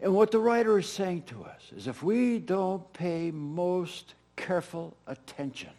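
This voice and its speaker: His voice high and his pace a little slow, the middle-aged pastor preaches with animated emphasis, circling back to repeat his key phrases.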